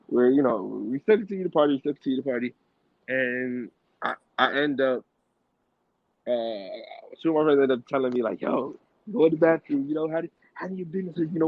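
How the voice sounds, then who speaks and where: A man's voice: medium pitch, no room sound. Male podcast host telling a loose slangy story, tinny dry recording. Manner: rambling, loose slang, many restarts and fillers. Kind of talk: casual storytelling. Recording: dry tinny phone-like audio.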